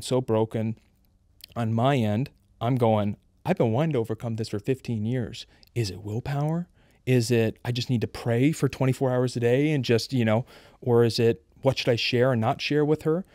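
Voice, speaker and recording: Guy in his 30s sharing his story, earnest and open, mellow low-key tone, dry close mic. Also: no echo. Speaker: guest. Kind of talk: candid personal testimony.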